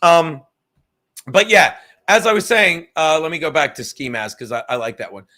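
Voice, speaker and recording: A man's voice: on the high side, moderate pace, sharp tone. A man hosting a live stream, ranting and swearing while he reads out chat messages and says he is drunk right now. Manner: profane, ranting, sarcastic, addresses chatters by name. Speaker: podcast host reading live chat. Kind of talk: rambling profane live-stream talk.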